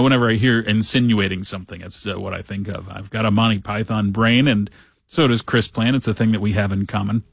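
A man's voice: lowish voice, no echo, studio quality. A man hosting a talk show, reading news articles aloud and riffing on them with wry jokes. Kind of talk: casual news commentary.

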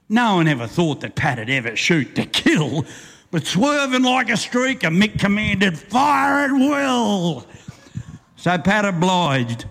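An older man with an Australian accent performs a rhyming bush poem, riding its beat and slipping in chuckles. His voice sits a little high. The live stage sound carries a long hall reverb. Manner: lively rhythmic recitation with chuckles. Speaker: bush poet and compere. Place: live venue with audience.

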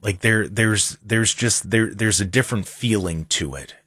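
Unhurried and earnest, a man with a somewhat low, slightly bright and husky voice hosts a radio talk show in casual conversation. He tends to repeat and restart words, and there's no room sound at all.

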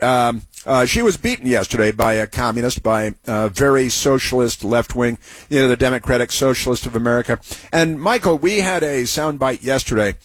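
A man's voice: mid-range voice, dry recording. A man hosting a talk radio show, telling stories in a rambling way with many restarts and giving blunt opinions.

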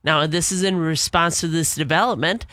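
Female farm radio host, bright tone, dry booth, plain conversational read. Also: low-pitched, moderate pace, dry recording. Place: radio studio.

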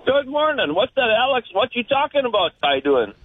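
A man's voice: very high-pitched, very animated, normal speed. A man with a thick Minnesota accent, a farmer calling in to a radio show, chatty and folksy. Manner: chatty, folksy, laughs often. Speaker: caller. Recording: tinny phone line.

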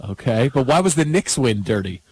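A man in his forties co-hosting sports talk radio in a loose, casual way. He speaks at an ordinary middle pitch, gets animated and trips over his words now and then. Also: fairly quick, breathy edge, no room sound, rough recording. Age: 40s.

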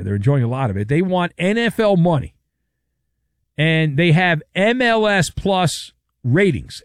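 A man's voice: on the high side, no room sound, clean studio sound. A man hosting a sports talk radio show, delivering a sarcastic, wisecracking monologue.

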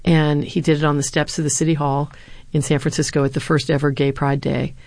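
A woman's voice: low-pitched, flat delivery, fairly quick, darkish tone, no room sound. A woman, a former speechwriter and university lecturer, answering interview questions with earnest anecdotes and the odd filler.

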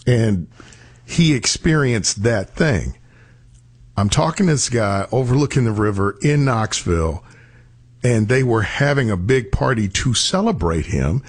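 A man's voice: fairly low pitch, husky. A man telling a story in a casual radio talk show style.

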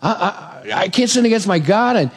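A man's voice: sits high, expressive, moderate pace, husky, in a large hall, voice pushed up. A man preaching puts on the voice of Joseph, a flustered young man refusing with stammering protests. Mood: protesting.

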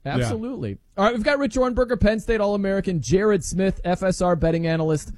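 Male sports radio host, slightly high voice, dry close studio sound, brisk and upbeat. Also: expressive, a little mellow, no echo. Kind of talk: sports radio talk and ad reads.

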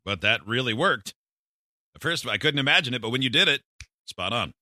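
Bright-toned, chatty male radio host. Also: medium pitch, lively intonation, fairly quick, no echo, studio quality. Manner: chatty, jokey. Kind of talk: casual radio banter. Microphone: studio microphone.

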